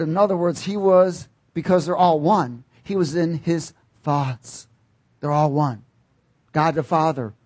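A male preacher delivering a sermon with emphatic, punchy phrasing. His voice sits a bit high for a man, and he calls out questions for the congregation to answer. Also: a little mellow, husky. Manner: emphatic, with call-and-response.

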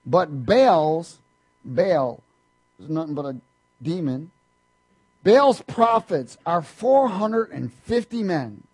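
A male preacher with a notably high-pitched voice delivers a passionate sermon. He reads scripture and punctuates it with hallelujahs. His volume rises to fervent bursts and drops to quiet murmured asides. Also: lively intonation, takes it slowly, husky. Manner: impassioned, swings between loud bursts and quiet asides; frequent "hallelujah" interjections.

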